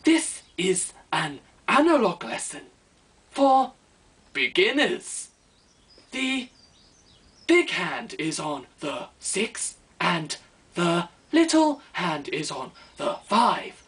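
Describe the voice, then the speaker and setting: A man voicing a solemn, slow male tutorial announcer giving a lesson in a deadpan tone. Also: high voice, breathy edge, voice pushed down, exaggerated voice. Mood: instructive.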